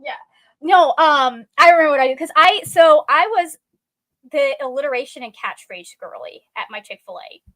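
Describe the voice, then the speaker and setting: A woman's voice: high voice, expressive, normal speed, a bit bright. A young woman co-hosting a reading stream, chatting casually in a bubbly, naturally cheerful way. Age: young adult. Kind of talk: casual chat.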